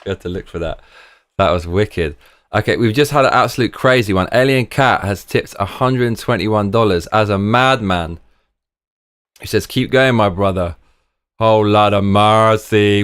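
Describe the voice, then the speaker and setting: A man hosting a live stream, talking casually and excitably, often trailing off into mumbles. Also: on the low side, moderate pace, clear, resonant tone. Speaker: livestream host.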